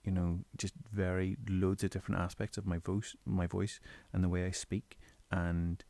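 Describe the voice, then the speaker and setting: A man in his bedroom giving casual spoken tips on voice recording, explaining in a relaxed, rambling way. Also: low voice, normal speed, vocal fry, dry recording. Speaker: audio creator giving tips. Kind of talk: casual instructional talk.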